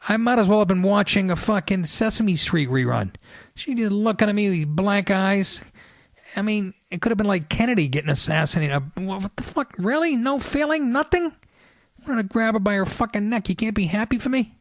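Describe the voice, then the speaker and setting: Middle-aged man, podcast host, sarcastic profane rant, slightly high voice, dry close sound. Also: expressive, normal speed, dry recording. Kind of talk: ranting comic monologue.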